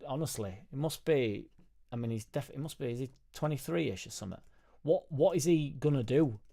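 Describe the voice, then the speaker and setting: A man hosting a football fan live stream, chatting casually and reading viewer comments aloud in a rambling, sweary, jokey way into a studio microphone on a boom arm. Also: animated, moderate pace, gravelly, warm tone. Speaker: football fan channel host.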